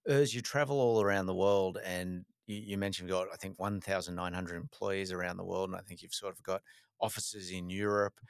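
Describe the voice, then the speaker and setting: Podcast host, male, very deep and smooth voice, conversational with long questions. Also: fairly even intonation, a little fast, no echo, clean studio sound. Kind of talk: interview questions.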